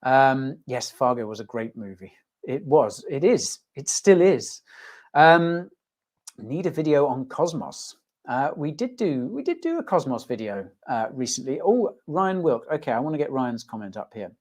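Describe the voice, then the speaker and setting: A man hosts a casual livestream in an easygoing, jokey way. He rambles, restarts sentences and fills pauses with ums. He pokes fun at himself as he chats with viewers. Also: medium pitch, big pitch swings, a little mellow. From United Kingdom. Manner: chatty, rambling, with many fillers and restarts; jokey, self-mocking, reading viewer comments aloud. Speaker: host.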